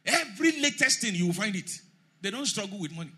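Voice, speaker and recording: A man preaching a sermon emphatically, rising to shouts and leading the congregation in call and response. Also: high voice, very animated, fast talker, husky.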